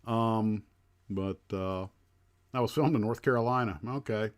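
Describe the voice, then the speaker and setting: A man's voice: lowish voice, measured pace. A man hosting a casual livestream chat, talking in a rambling way with lots of fillers and restarts. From United States. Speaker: livestream host.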